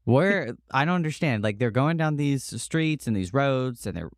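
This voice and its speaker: A man co-hosting a podcast in casual chat, blunt and profane with excitable reactions. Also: mid-range voice, normal speed, no room sound, studio quality. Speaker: podcast co-host.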